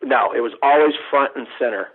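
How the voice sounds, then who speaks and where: A middle-aged guest photographer tells rambling, profane stories over a tinny phone line, acting out the quoted dialogue. His medium-pitched voice is a little fast with a breathy edge.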